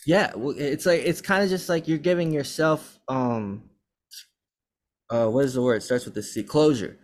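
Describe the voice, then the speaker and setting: A young man who hosts a podcast and raps, chatting casually and telling animated, profane stories. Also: medium pitch, moderate pace. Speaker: podcast host and rapper. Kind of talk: casual chat.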